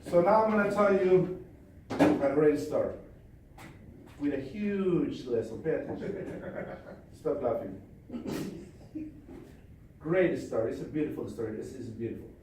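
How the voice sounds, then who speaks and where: Forceful male trainer in echoey hall. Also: fairly high pitch, a little slow, long pauses, distant mic, background noise. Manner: forceful, commanding, repetitive. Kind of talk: live seminar storytelling.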